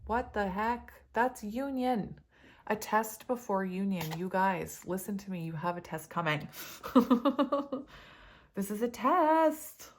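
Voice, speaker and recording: An excitable woman reads tarot cards for her viewers and speaks right to them. She has an unhurried way of talking but breaks into laughter often. Her voice sits at a middle pitch. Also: a little hiss or hum. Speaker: tarot reader. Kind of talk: casual tarot reading to camera.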